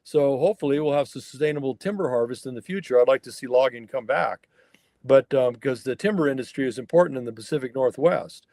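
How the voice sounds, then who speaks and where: A man's voice: medium pitch, a little fast, mellow, dry recording. A man, a wild horse researcher from the northern California mountains, telling a story as a guest on a remote interview and acting out the people he quotes.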